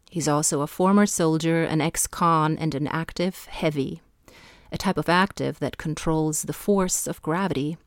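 A woman hosting a podcast, reading a scripted setup in a measured way. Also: low-pitched, darkish tone, dry recording, studio quality. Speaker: podcast host. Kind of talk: scripted introduction.

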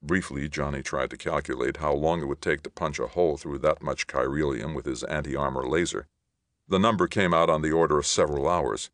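Very deep-voiced male narrator. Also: dry recording, clean studio sound. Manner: steady, measured reading. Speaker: audiobook reader. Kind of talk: scripted narration.

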